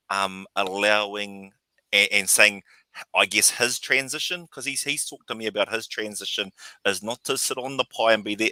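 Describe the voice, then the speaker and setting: Very deep, bright-toned New man. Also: no echo. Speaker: guest. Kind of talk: casual chat.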